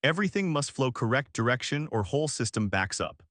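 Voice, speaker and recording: Brief: aging immigrant mentor read by a male narrator, plain clipped speech, dry mid-pitched voice. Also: very animated, fairly quick, a bit bright, no echo. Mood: earnest advice. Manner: clipped, broken phrasing. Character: old immigrant male mentor, firm and fatherly.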